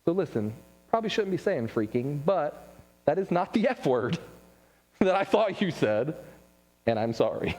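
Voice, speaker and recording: A man giving a casual church class talk, telling stories with quick asides and laughs. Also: fairly high pitch, big pitch swings, darkish tone, faint music behind. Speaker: Bible class teacher. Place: church room. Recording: long hall reverb.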